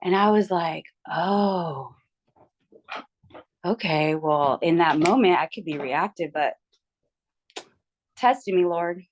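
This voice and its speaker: A woman's voice: fairly low pitch, unhurried, long pauses, slight background noise. A tired young woman on a video call, telling a story candidly in casual chat. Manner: candid, storytelling, quotes people in her retelling. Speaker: book club member.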